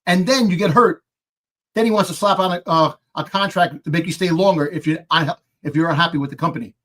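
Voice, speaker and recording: A man with a rather high, fairly bright voice talks fast while co-hosting a casual live-stream wrestling podcast. He rambles and hesitates, often searching for words.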